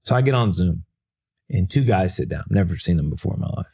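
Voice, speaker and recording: A man's voice: sits low, animated, fast, creaky, dark tone, husky. A man, a motivational speaker, telling stories in a casual, self-deprecating way with lots of fillers and restarts. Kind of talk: casual storytelling.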